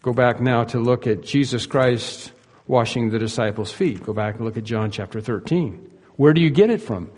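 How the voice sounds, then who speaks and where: A man's voice: medium pitch, moderate pace, a little mellow, slightly rough, big-room sound. A male pastor preaching a sermon in an earnest, emphatic way, asking his listeners rhetorical questions.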